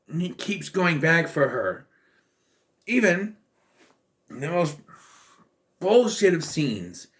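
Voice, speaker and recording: A man's voice: fairly high pitch, very animated, takes it slowly, pauses often, fairly bright tone. A man in his thirties giving a casual, exasperated and blunt film review, with bursts of profanity. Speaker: movie reviewer.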